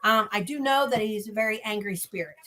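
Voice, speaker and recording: A woman guest describing ghost investigations in lively storytelling, acting out other people's lines and laughing often. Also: mid-range voice, brisk, rough recording. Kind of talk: animated storytelling.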